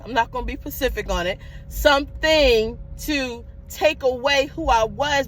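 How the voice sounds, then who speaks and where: A middle-aged woman host telling a personal self-care story in a candid, animated way, ending on emphatic encouraging questions. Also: a little high, low-quality recording. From Florida, USA. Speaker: podcast host. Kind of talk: personal motivational talk.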